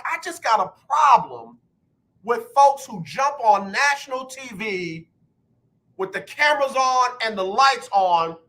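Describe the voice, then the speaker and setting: Fired-up bright-voiced man hosting sports radio. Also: very high voice. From United States. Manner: emphatic, repeats words when fired up. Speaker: radio show host. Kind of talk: sports talk radio commentary.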